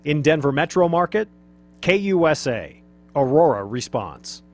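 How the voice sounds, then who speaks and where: Man, awards presenter, quick reading, slightly high voice. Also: very animated, soft background music. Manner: brisk, announcing.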